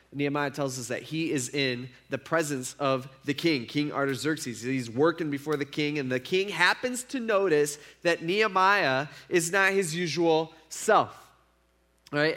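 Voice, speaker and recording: A man's voice: a little high, normal speed, a bit bright. A young man giving a casual sermon, retelling a story in a conversational way with lots of fillers. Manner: conversational, filler-heavy storytelling with acted quotes. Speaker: preacher.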